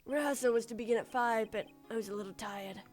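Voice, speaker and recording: A woman's voice: fairly high pitch, fast talker, darkish tone, soft background music, natural voice. A woman voicing a timid, apologetic man who plays an action hero, reading game dialogue. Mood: meek. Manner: meek, apologetic. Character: big timid male action-show actor.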